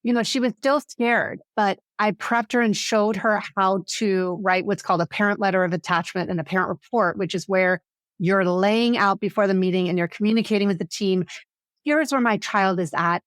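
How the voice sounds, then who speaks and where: Her mid-range voice moves a little fast with fairly even intonation, captured in a clean studio with no echo. As an education advocate being interviewed on a podcast, she tells lively stories and performs the voices of those she quotes.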